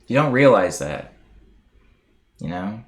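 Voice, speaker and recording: A young American man chats loosely on a live stream, drifting from story to story and reading messages aloud. His pitch swings widely and animatedly through each sentence, and he fills the gaps with a relaxed, playful ramble. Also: takes it slowly. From United States. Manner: rambling, chatty, playful, lots of fillers.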